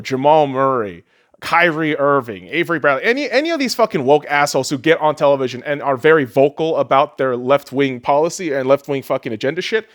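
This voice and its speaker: A man hosting a podcast, ranting heatedly and sarcastically, swearing often. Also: on the high side. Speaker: podcast host. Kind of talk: profane solo rant.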